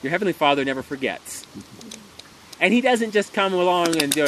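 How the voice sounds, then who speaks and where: A man delivering an earnest, emphatic sermon, speaking loudly so everyone can hear. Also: a little high, big pitch swings, a little fast, slight background noise. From Montana. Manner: earnest, emphatic, loud to carry in a room. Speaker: preacher.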